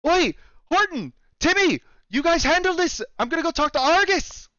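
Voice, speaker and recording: A bubbly female elf shopkeeper with a put-on Canadian accent, as a game master puts her on, high and lively, all chirpy exclamations. The sound is dull and lo-fi, like an online call. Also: moderate pace, dry recording, full character voice. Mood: bustling.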